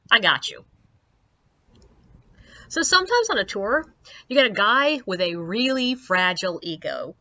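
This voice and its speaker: A woman who works as a ghost tour guide, telling wry stories in a casual, animated way and mimicking the people she quotes. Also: mid-range voice, lo-fi sound. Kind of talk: casual storytelling to camera.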